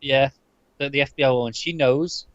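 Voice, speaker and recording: A man co-hosting a podcast, trading quick agreement and dry asides in casual chat. His mid-pitched voice comes through a dull, lo-fi mic with a dead, dry sound. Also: smooth, no room sound. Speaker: podcast co-host.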